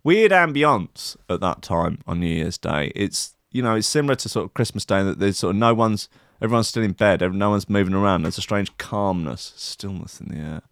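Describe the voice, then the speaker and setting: A man's voice: deep voice, expressive, brisk, clean tone, no echo, clean studio sound. A man telling a long comic story to his listeners, rambling through profane, self-mocking asides.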